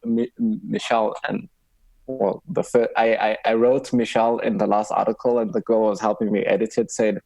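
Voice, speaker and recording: A young man from South Africa, a podcast guest who tells stories in an animated way, acting out dialogue. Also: lowish voice, normal speed, vocal fry, dry recording. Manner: animated, acts out dialogue, laughs often. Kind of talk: casual interview storytelling.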